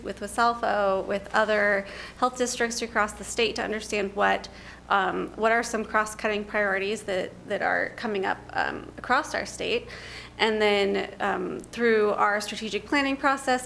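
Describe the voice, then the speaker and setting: A woman's voice: mid-range voice, gravelly, a bit bright, a little hiss or hum. A woman presenting a report at a public board meeting, nasal and congested from a cold, walking through points steadily with frequent ums. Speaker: policy staff presenter.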